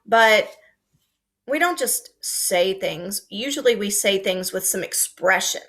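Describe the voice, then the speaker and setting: Slow, bright-voiced teacher talking to kids. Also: female voice, medium pitch. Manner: slow, clear and expressive, acting out example sentences. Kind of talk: remote lesson for young children.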